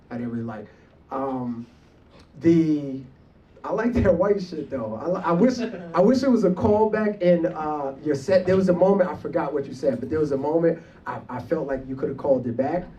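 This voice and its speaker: A man's voice: a little high, animated, a little fast, warm tone, dull audio. A man judging a comedy competition in a club, giving rambling, blunt feedback with many restarts. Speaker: competition judge. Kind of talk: casual spoken feedback. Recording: distant mic, faint room noise.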